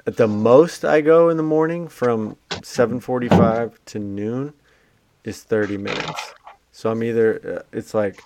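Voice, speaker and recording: Low-voiced man chatting casually. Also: a little mellow, slight background noise. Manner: blunt, profane, joking. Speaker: podcast co-host. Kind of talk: casual chat.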